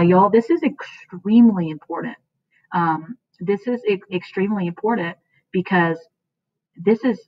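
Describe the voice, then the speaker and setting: A woman teacher talks students through a play in a casual, chatty way, full of fillers. Her voice sits fairly low, and the recording is dry and lo-fi with a dull tone. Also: dry recording.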